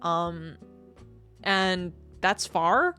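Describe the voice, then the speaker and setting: A woman's voice: on the low side, drawn-out words, bright, forceful tone, clear, resonant tone, soft background music. A woman streamer in casual chat, rambling and laughing often as she reads chat messages.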